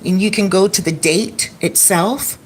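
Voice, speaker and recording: Filming herself on her phone at home, an Airbnb host and vlogger recounts a story in a chatty way, often using "he's like" to quote others. She talks unhurriedly at medium pitch over a slight hiss or hum.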